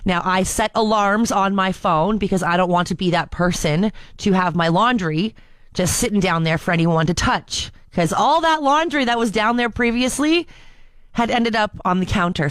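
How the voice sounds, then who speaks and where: A woman's voice: mid-range voice, normal speed, dry recording, clean studio sound. A young woman co-hosting a casual podcast, telling a story with frequent laughs and restarts. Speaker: co-host. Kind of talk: casual chat.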